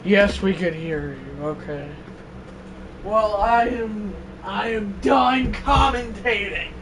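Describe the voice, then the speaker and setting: A man commentating a football video game on a live stream, excitable and breaking into shouted exclamations. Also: high voice, takes it slowly. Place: indoors, on the floor next to a fan. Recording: distant mic with fan noise.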